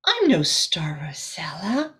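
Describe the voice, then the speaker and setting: A woman reading aloud and voicing a humble, polite little male firefly in a whispered role-play, speaking in a hushed and courteous way. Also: lowish voice, wildly swooping pitch, takes it slowly, breathy edge, pitched below the performer's own voice, heavily acted. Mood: kind.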